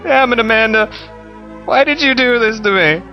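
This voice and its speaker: A man voicing a grief-stricken young male swordsman hero, shouting in anguish over a game. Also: very high voice, normal speed, dull audio, soft background music, pitched above the performer's own voice.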